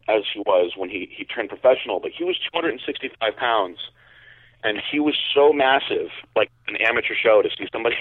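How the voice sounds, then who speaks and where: A man's voice: mid-range voice, slightly rough. A man co-hosting a podcast, telling a story in a rambling way with lots of fillers and restarts. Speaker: podcast co-host. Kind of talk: casual storytelling. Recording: phone-like narrow sound.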